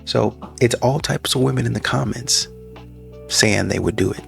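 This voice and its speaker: A man's voice: medium pitch, normal speed, vocal fry, soft background music. A man giving a mocking dating commentary and firing off rhetorical questions. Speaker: reaction commentator.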